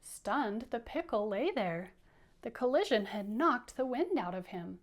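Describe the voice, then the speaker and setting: A woman teacher reads a picture book aloud to young children. She speaks in a slightly high voice that swoops up and down with great liveliness. Her manner is playful and coaxing, and she keeps inviting the kids to repeat lines after her. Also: big pitch swings, unhurried. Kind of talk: interactive children's read-aloud.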